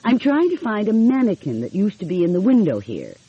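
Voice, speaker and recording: A woman's voice: medium pitch, huge pitch swings, fairly quick, warm tone, slightly rough, no room sound, muffled recording, pitched above the performer's own voice. A woman voicing an eager, polite young amateur detective who asks pointed questions. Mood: inquisitive. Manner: polite, inquisitive.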